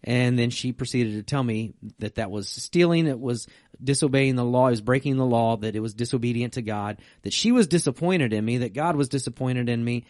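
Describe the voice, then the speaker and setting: A middle-aged man, a pastor co-hosting a podcast, chatting casually and telling stories in a relaxed way. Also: mid-range voice, brisk, no echo, studio quality. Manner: storytelling, relaxed and conversational. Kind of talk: casual chat.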